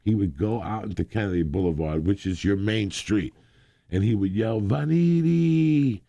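A man in his sixties telling rambling, animated stories as a guest, laughing often. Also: low-pitched, normal speed, no echo, lo-fi sound. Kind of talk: casual storytelling.

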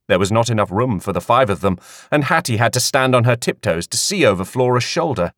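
A man narrating an audiobook in an expressive storytelling manner. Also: medium pitch, brisk, no echo, studio quality. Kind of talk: scripted narration.

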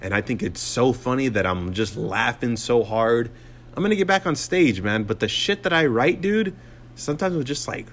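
A young man in his mid-twenties runs his solo podcast with a loose, foul-mouthed rant. His voice sits at a middle pitch, and he circles back on himself with fillers, sarcasm and many false starts. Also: lively intonation, moderate pace, a bit bright, slight background noise. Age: 20s. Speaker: podcast host and comedian.

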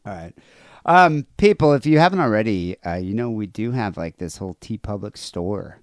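A man's voice: lowish voice, lively intonation, normal speed, no echo, clean studio sound. Guy hosting a podcast, crude and rambly, bouncy voice. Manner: rambling, crude, reads listener emails aloud. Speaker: podcast host. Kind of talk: casual podcast chat.

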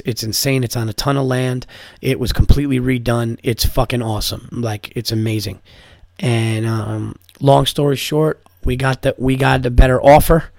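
A man's voice: mid-range voice, no echo, studio quality. A man hosting his own podcast, chatting casually and telling stories, swearing freely and stumbling over repeated words. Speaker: podcast host. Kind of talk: casual solo podcast chat.

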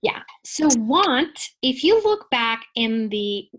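A woman in her forties, a guest in a conversational interview, explaining ideas in a playful, animated way and laughing often. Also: a little high, slow.

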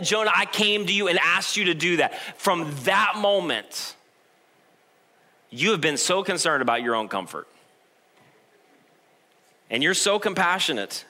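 God as a patient, fatherly man who presses a sulking prophet with earnest, pleading questions, as a pastor puts him on in a sermon. The voice is bright and a little high, close to the preacher's own.

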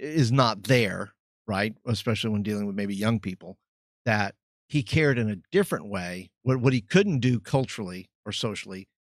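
A middle-aged man and former youth pastor, talking in a measured, thoughtful way and searching for words. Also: lowish voice, dry recording, studio quality. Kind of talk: reflective podcast chat.

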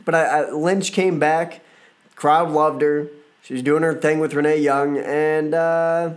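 Male podcast host, slightly raised pitch, a little hoarse from a sore throat, loose and chatty. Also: fairly even intonation, measured pace. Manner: chatty, loose, playful asides. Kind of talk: casual wrestling reaction talk.

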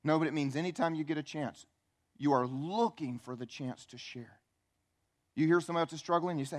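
A man preaching a church sermon, swinging between quiet, intimate asides and loud, emphatic peaks. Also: a little high, brisk. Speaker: pastor. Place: church sanctuary.

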